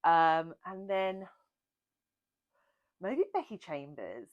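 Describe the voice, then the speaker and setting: A woman's voice: on the low side, sing-song, drawn-out words, no room sound, highs cut off. A woman hosting a book channel, chatting casually and self-mockingly through a Q&A. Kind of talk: casual Q&A chat.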